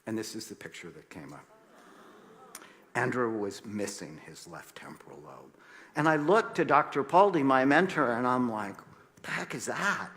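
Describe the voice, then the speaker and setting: A man, a psychiatrist, telling a story in a talk with animated delivery, acting out quoted voices and dropping soft and low at grave moments. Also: moderate pace, slight background noise. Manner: emphatic, passionate.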